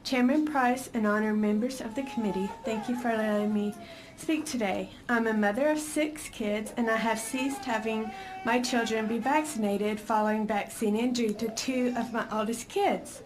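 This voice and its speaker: A woman speaking as a mother of six before a legislative committee, reading a prepared statement in a firm, steady way. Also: a little high, moderate pace, low-quality recording. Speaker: mother testifying at a legislative hearing.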